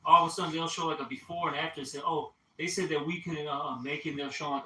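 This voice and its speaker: A man in a casual group chat, talking in an animated way with lots of swearing, fillers and restarts. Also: a little high, fast talker. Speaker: group discussion member. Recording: echoey room, far from mic, faint hiss.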